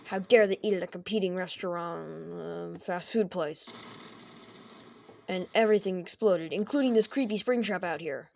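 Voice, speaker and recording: A woman's voice: lowish voice, normal speed, gravelly, darkish tone, a little hiss or hum. A woman telling an improvised comedic game story, rambling and jokey and often breaking off mid-sentence. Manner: rambling, jokey, self-interrupting.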